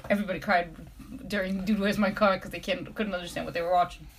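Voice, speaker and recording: A woman's voice: fairly low pitch, little pitch movement, a little hiss or hum. A woman co-hosting a podcast, teasing and cutting in during casual chat. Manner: teasing, quick to interject. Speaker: podcast co-host.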